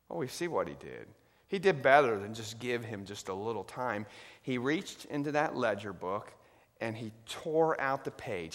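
A man preaching a sermon, retelling a story with dramatic swings between loud, lively passages and hushed ones. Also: medium pitch. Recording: long reverb of a large hall.

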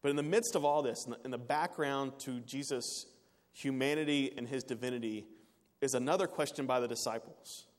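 A man preaching a sermon in an earnest way, rising to emphatic peaks and dropping quiet again. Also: medium pitch, a little fast. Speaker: pastor. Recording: long reverb of a large hall.

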